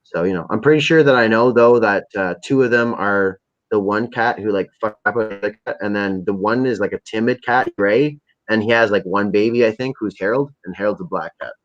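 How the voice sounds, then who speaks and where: A man's voice: fairly low pitch, fairly quick. Profane rambling guy, lo-fi. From Canada. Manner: rambling, profane, jokey storytelling. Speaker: livestream host. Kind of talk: casual livestream chat. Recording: dull lo-fi stream audio.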